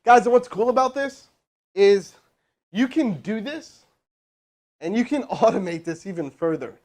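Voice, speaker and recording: A man teaching cold calling on a live stream, energetic and joking as he talks to his chat. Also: high voice, measured pace. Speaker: sales trainer. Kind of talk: live teaching session with role-played calls.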